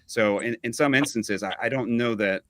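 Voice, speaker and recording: A man from Austin, Texas, a musician guest on a podcast, speaking in a halting way and often repeating words as he thinks. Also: medium pitch, background noise. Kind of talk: casual chat.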